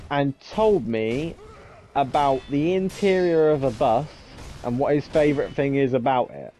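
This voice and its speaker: A man's voice: fairly high pitch, warm tone. Young man telling a story. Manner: swearing, acts out both sides of conversations. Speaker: gamer streamer. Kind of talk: casual storytelling chat.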